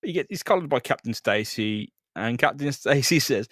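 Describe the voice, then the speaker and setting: A man's voice: mid-range voice, lively intonation, moderate pace, hardly any pauses, fairly bright tone, no echo, clean studio sound. A man co-hosting a podcast, recapping a comic book with wry, crude jokes. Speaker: podcast co-host.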